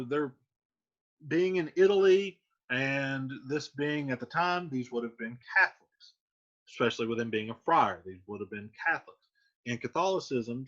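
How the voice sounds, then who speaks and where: A man's voice: medium pitch, a bit bright, lo-fi sound. A man teaching, casually explaining a play in plain modern words.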